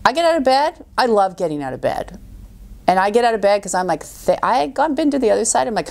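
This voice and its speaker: A middle-aged woman talking as a podcast guest, an animated storyteller who acts out quoted voices. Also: mid-range voice, fast, creaky. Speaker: guest coach. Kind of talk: podcast interview.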